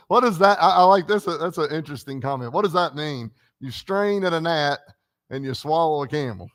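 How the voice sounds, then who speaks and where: A man's voice: fairly high pitch, lively intonation, moderate pace. A preacher leading a conversational Bible class in a church classroom, quizzing the group and peppering his points with "right?" and "okay?".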